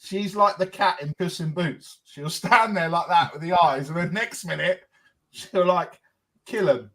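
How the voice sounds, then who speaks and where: A man with a slightly high voice ribs his co-hosts in relaxed podcast chat. He eggs the others on with playful jabs. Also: a little slow, low-quality recording. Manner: teasing, prods others to speak. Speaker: podcast co-host. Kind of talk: casual banter.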